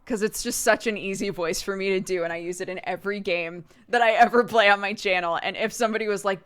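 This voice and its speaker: A woman's voice: medium pitch, fairly even intonation, fast, fairly bright tone, smooth. A woman who streams and voice-acts, chatting casually with her viewers and laughing often. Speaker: streamer and voice actor. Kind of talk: casual chat answering chat.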